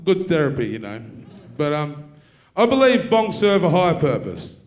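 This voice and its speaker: A man with an Australian accent doing a stand-up comedy set, telling dark stories in a profane, deadpan way. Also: on the high side, moderate pace. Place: university theatre with live audience.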